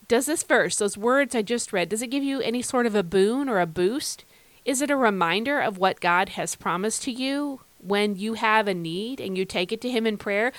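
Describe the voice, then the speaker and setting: A woman's voice: medium pitch, fairly bright tone, no room sound. Earnest woman podcast host, dry sound. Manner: earnest, conversational, asks listeners direct questions; slows down to read verses with emphasis. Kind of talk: devotional podcast talk.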